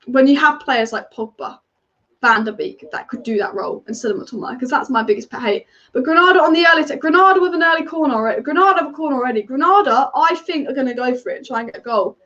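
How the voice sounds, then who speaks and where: The recording is lo-fi, and the woman's voice is high-pitched with a fairly bright tone. She hosts a live football watch-along for her fan channel, chatting fast and opinionatedly about the match and reading comments from viewers.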